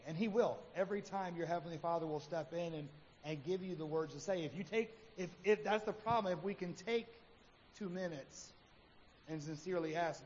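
A man's voice: a little high, a little fast, darkish tone. A man preaching a sermon in a conversational way, acting out the quotes in his stories. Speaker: pastor. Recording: hall reverb, dull lo-fi sound, faint noise.

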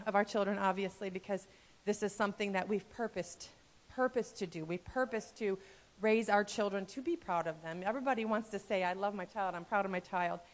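A woman in her fifties speaks to her church congregation, heartfelt and earnest, and she often pauses on soft fillers. Her voice sits at an ordinary middle pitch. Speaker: pastor's wife speaking at church. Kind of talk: church message. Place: church sanctuary.

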